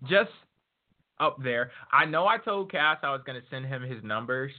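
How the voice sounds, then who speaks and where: A man hosting a casual wrestling podcast, talking in a relaxed, laid-back way. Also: mid-range voice, normal speed. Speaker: podcast host. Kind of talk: casual chat. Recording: phone-like lo-fi line.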